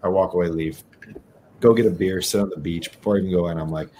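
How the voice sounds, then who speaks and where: A man's voice: low voice, fast talker, crowd noise. A man from New England, a podcast guest, telling a casual story with lots of swearing and acted-out quotes. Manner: animated, profane, acts out quotes.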